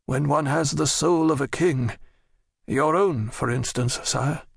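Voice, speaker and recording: A man's voice: a little high, measured pace, creaky, breathy edge, dry recording, clean studio sound, exaggerated voice. A man voicing a dignified older nobleman and father who pleads in courtly, earnest speech in an audiobook. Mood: pleading.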